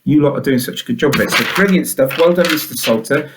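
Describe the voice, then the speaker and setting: A man's voice: mid-range voice, quick pace, noisy background. A man hosting a school announcements show, upbeat and chatty, full of enthusiasm.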